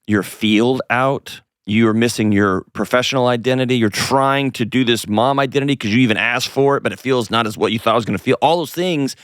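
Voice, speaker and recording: Male advice host: blunt, coaching, middle pitch, dry close mic. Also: fairly quick, hardly any pauses, a bit bright, dry recording. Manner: direct, coaching, playful asides. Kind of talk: advice call-in show.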